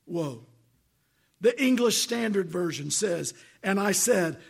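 High, gravelly preacher man, emphatic. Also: lively intonation, unhurried. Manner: emphatic, repetitive preaching, reads Bible verses aloud. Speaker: pastor. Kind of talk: sermon.

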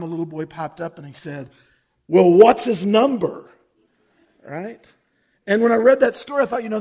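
A man's voice: high-pitched, gravelly, breathy edge. A man preaching a sermon, telling stories in a conversational, folksy way. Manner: storytelling, conversational, with folksy jokes. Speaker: pastor.

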